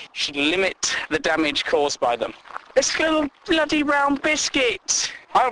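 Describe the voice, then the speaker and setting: High bright man ranting. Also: a little hiss or hum, poor audio. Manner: incredulous, mocking, acts out silly voices. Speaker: comedy show host. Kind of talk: comic rant on news items.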